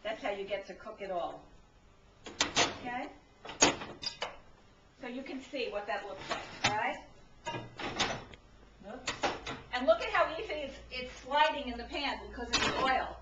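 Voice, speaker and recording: A chatty middle-aged woman from Brooklyn walks through a recipe in her home kitchen, her fairly high voice tossing in an "okay?" every few lines. She is picked up by a camcorder mic from across the room, so the sound is roomy, a bit far off and slightly muffled, with faint noise underneath. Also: measured pace, long pauses. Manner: chatty, keeps checking in with "okay?". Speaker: home cooking instructor. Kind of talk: casual cooking demonstration. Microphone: camcorder mic from a distance. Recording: echoey, distant, slightly dull camcorder audio.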